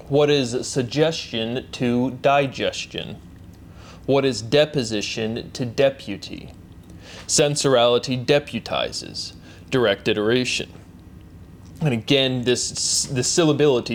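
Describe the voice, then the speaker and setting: A man's voice: medium pitch, a little hiss or hum. A man hosting his own solo series, talking in a repetitive way and chanting rhetorical questions and stock phrases. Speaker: host of a solo word-derivation series. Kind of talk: solo spoken monologue.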